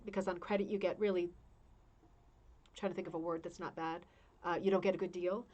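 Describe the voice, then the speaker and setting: A woman's voice: medium pitch, steady tone, normal speed. A woman hosting a casual craft-club video, talking through a book in a chatty, heartfelt way with many restarts. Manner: chatty, emotional, restarts often. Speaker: rug hooking club host.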